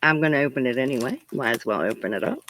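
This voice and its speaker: Very fast and lively in intonation, this woman has a very deep yet fairly bright voice. Hosting her crafting channel, she opens viewers' parcels in a casual chat, thinking aloud, gushing and giggling often, on a low-quality recording with slight background noise.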